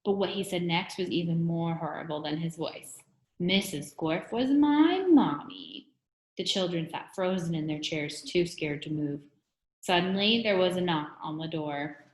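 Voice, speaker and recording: A woman reading a children's chapter book aloud in an expressive, steady storytelling manner. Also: lowish voice, normal speed. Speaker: reader. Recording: roomy echo.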